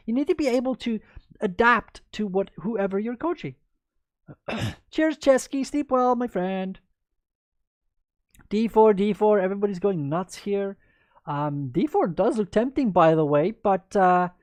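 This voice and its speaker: A woman's voice: mid-range voice, a little mellow, no room sound, studio quality. Chatty woman coaching chess live. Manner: chatty and upbeat, answers viewers by name. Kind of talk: livestreamed chess lesson, answering chat.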